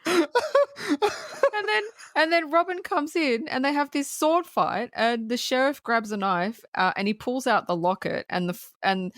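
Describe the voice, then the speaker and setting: A woman co-hosting a movie podcast, recapping a comedy film plot in a casual, animated way and laughing often. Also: high-pitched, unhurried, dry recording, clean studio sound. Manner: animated retelling, laughs often, quotes characters. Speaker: podcast co-host.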